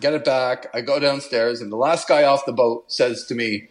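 A man's voice: mid-range voice, moderate pace. Man telling a travel story animatedly. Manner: animated, laughs while telling, puts on an Italian accent for quotes. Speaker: podcast guest. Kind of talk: casual storytelling.

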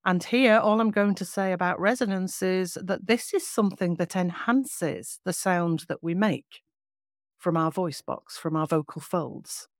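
A woman voice coach explaining vocal technique in a clear, measured teaching manner. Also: fairly low pitch, no room sound, clean studio sound. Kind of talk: podcast teaching.

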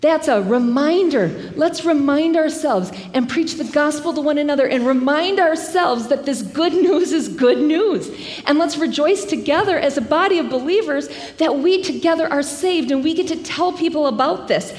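A woman preaching a sermon, telling the story in a lively, conversational way with self-deprecating asides. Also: high-pitched, moderate pace. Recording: long hall reverb.

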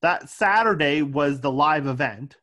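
A man's voice: a little high, a little slow. A man co-hosting a podcast, chatting casually and getting exasperated over a movie. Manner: exasperated, animated, swears when riled. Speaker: podcast co-host. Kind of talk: casual movie review chat.

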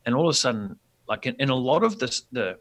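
A man telling a rambling, animated story as a podcast guest, with many restarts. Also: medium pitch, quick pace.

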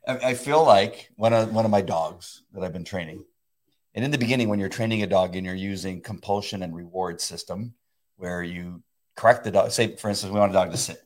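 A man in his fifties co-hosting a casual faith chat, excitable and laughing often, often restarting mid-sentence. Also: low-pitched, a little fast. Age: 50s. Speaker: co-host.

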